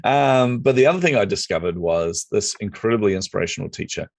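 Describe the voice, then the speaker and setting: A middle-aged New man tells his story quickly in a low voice, playing out the dialogue as he goes. His voice sits close and dry on the mic, with no room sound. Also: gravelly, dry recording. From New Zealand. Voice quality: lively storyteller who acts out quoted dialogue. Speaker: podcast guest. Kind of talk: casual storytelling interview.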